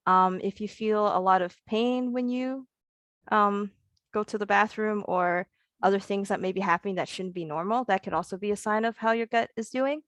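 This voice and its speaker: A woman's voice: mid-range voice, moderate pace, dry recording. Young woman student presenter, dry sound. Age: young adult. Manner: hesitant, list-like explaining. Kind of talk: casual presentation.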